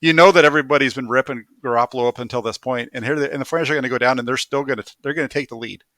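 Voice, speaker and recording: A man's voice: mid-range voice, very fast, fairly bright tone, dry recording, clean studio sound. A man who co-hosts a football film review, walking through plays in detail and laughing often. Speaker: football analyst.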